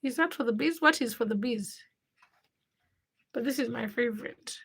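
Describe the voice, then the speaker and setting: A woman's voice: on the high side, normal speed, gravelly, a bit bright, slightly rough. A young woman hosting a casual livestream, chatting with viewers and reading their comments aloud while she cooks. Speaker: livestream host.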